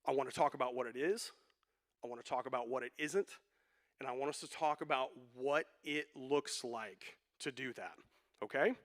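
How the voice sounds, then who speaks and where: A man preaching a sermon as pastor, conversational and joking, with quick asides. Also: mid-range voice.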